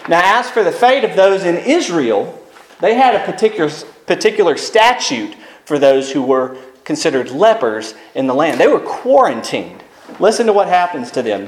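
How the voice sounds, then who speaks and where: Animated high-voiced preacher man in echoey room. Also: slight background noise. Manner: animated preaching, reading scripture aloud with emphatic rises. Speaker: pastor. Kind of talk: sermon.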